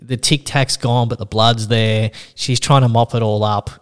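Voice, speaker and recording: A man's voice: medium pitch, normal speed, clean tone. A man hosting a casual podcast chat, telling a story with lots of swearing and acted-out voices. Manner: animated, swears freely, acts out quoted voices. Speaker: podcast host.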